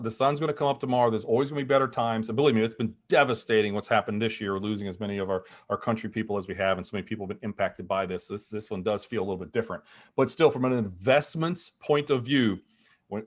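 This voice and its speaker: A man talking at a quick clip as a guest strategist on a video call. He explains with lots of energy, trips over his own restarts, and slips into quick acted-out quotes. His pitch sits right in the middle. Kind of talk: animated conversational explanation.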